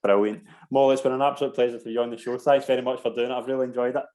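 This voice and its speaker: A man hosting an interview, briskly moving through questions with short affirmations. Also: medium pitch, little pitch movement, a little mellow. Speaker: host. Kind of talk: casual interview.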